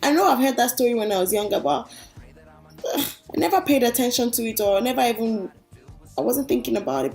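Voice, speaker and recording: A woman's voice: on the high side, very animated, brisk, long pauses, darkish tone, faint music behind. A young woman talking earnestly and casually to her viewers about her faith, like an online vlogger. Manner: earnest and chatty, addresses viewers as guys. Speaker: Christian vlogger. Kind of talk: casual inspirational faith talk.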